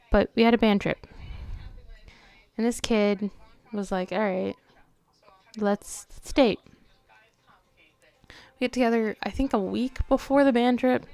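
With no room sound, a teen girl's fairly high, clear, resonant voice comes through as she hosts her podcast. It's a late-night confessional monologue, and she's tired and yawning, speaking hesitantly and softly and drifting into whispers.

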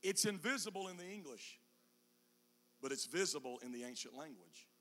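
A man preaching a sermon, moving between quiet low teaching passages and shouted, sung climaxes with an "uh" before each phrase. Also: animated, moderate pace. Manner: whooping preacher cadence, "uh" between chanted phrases.

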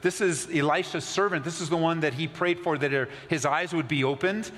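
Male pastor, slightly high voice, conversational sermon that sinks soft for emphasis, reverberant sanctuary. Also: fairly quick. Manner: conversational preaching, drops low and soft for emphasis.

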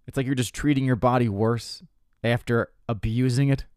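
Rambling, profane young comedian. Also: male voice, mid-range voice, steady tone, normal speed, a little mellow, dry recording, studio quality. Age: 20s. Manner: rambling, profane, self-mocking storytelling with frequent restarts. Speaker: comedian podcast host. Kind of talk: casual comedic monologue.

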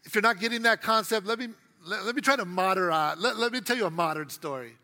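High-voiced preacher man in a reverberant hall. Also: fast, sharp tone. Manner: humorous storytelling with acted quotes. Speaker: pastor. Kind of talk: sermon.

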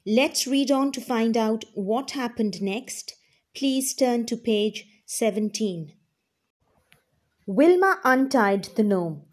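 A woman teacher reads a class storybook aloud and explains it for learners. Her voice sits fairly high and she speaks slowly and with care. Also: expressive. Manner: slow and clearly spoken, explaining to learners. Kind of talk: reading a class reader aloud.

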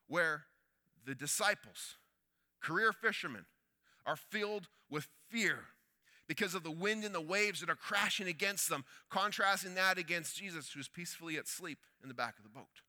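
A man preaching a sermon, telling a story that swings between loud urgency and hushed quiet. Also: high-pitched, normal speed.

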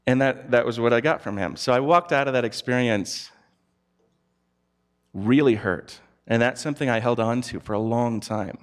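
A man giving a conversational sermon, telling personal stories candidly. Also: mid-range voice. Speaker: preacher.

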